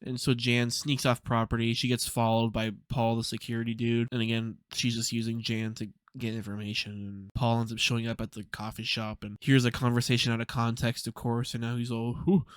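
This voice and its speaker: A young man gives a loose, rambling recap of a TV episode, peppering it with fillers and swearing. His voice is smooth and clear. The recording is close and dry. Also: medium pitch, completely flat delivery, a little fast, few pauses, no room sound. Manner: casual, rambling, swears freely, lots of "like". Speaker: TV episode reviewer. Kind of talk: casual spoiler recap.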